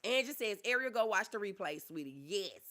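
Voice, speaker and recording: A woman's voice: medium pitch, animated, brisk, a bit bright. A woman, a therapist hosting a casual livestream, reading viewer comments aloud and calling them baby. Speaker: livestream host, mental health therapist.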